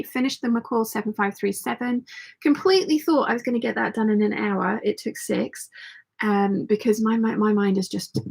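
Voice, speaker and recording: Croaky, gravelly-voiced woman chatting. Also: medium pitch. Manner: chatty, reads viewer comments aloud. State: slightly croaky voice. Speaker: sewing channel host. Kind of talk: casual livestream chat.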